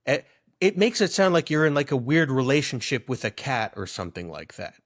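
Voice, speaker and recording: A man's voice: mid-range voice, expressive, brisk. A young man co-hosting a podcast in casual comedic chat, teasing his friend and rambling into jokey asides. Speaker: podcast co-host.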